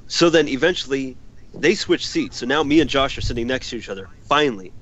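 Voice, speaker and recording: A man's voice: medium pitch, expressive, a little fast, a bit bright. Exasperated young man, dull audio. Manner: profane, exasperated storytelling. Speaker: podcast co-host. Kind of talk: casual storytelling chat.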